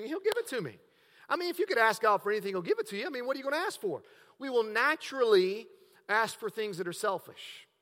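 A male pastor delivers a sermon in a high, bright voice, dropping to hushed lines and then building to emphatic, raised passages. His words ring out with a long reverb, as in a large church hall. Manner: preaching with swings between hushed and emphatic.

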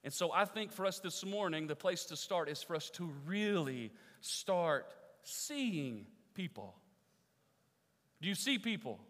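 A man preaching a sermon as pastor, earnest, repeating key phrases and dropping soft for emphasis. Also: sits high, very animated, unhurried. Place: church sanctuary. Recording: long reverb of a church hall.

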